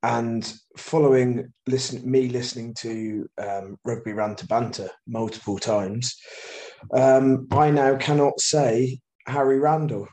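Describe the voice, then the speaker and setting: Wry blunt guy chatting on a podcast, ordinary pitch. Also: fairly even intonation, unhurried, mellow. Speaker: podcast co-host. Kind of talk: casual chat.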